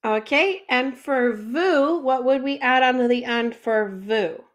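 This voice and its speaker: Woman French teacher, high voice, unhurried, patient, talks through each step. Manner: patient, asks questions then answers them. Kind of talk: classroom lesson explanation.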